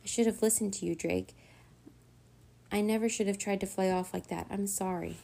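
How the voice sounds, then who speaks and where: A woman voicing a remorseful young girl dragon rider in a children's storybook reading, soft and apologetic. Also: mid-range voice, steady tone, moderate pace, gravelly.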